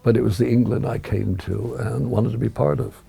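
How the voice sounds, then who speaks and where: Gravelly older man reminiscing. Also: mid-range voice, fairly even intonation, normal speed, music in the background. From United States. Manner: reflective, musing, with frequent restarts. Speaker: guest. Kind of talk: reminiscing interview talk.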